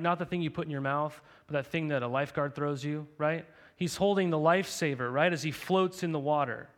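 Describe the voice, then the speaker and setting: A young man preaching a sermon to his congregation in a conversational way, full of rhetorical questions and "right?". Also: fairly high pitch. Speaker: pastor.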